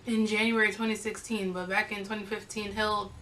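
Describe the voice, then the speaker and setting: A young woman vlogger telling a casual storytime, sassy and animated as she acts out the back-and-forth. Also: mid-range voice, brisk, distant mic, a little hiss or hum, low-quality recording.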